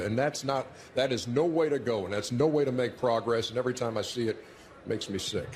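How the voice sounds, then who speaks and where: A man's voice: mid-range voice, a little fast, darkish tone. A man hosting a TV studio panel, talking earnestly and emphatically, repeating his points. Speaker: studio host. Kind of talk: television studio panel talk.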